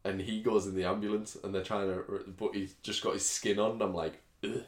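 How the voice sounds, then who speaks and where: A man's voice: fairly low pitch, little pitch movement, brisk. A man co-hosting a podcast, chatting casually and rambling with many fillers. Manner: rambling, laughs often, slips into silly voices. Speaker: podcast co-host. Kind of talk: casual chat. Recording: roomy echo.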